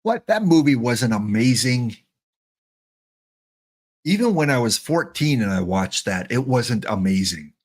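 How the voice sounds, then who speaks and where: Excited middle-aged man, rambling joking stream commentary, wired on coffee, mid-pitched voice. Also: a little slow, pauses often. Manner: chatty, joking, talks to chat bots. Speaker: live streamer playing a baseball sim. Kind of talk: casual live-stream commentary.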